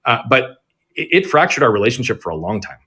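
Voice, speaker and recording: A man's voice: medium pitch, big pitch swings, fast talker, bright, forceful tone, breathy edge. A man who is a guest on an interview show, reflecting earnestly on a past experience and how it affected his family. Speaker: guest, performance coach. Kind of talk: conversational interview.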